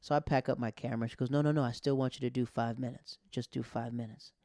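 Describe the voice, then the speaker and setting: Man, podcast host, stand-up comic, slangy storytelling, mellow tone, dry close sound. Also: medium pitch, fast, dry recording. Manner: loose, slangy, animated retelling with quoted dialogue. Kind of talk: casual storytelling monologue.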